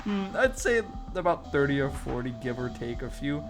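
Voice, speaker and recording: A man voicing a hefty, friendly slug cat creature in a game's dialogue, read in a relaxed, matter-of-fact way. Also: mid-range voice, moderate pace, over music. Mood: easygoing.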